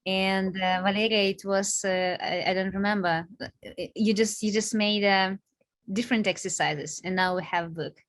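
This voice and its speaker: A woman's voice: mid-range voice, fairly even intonation, moderate pace, dry recording. A woman from Ukraine, a writing teacher speaking casually and hesitantly to her students. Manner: hesitant, many fillers and restarts.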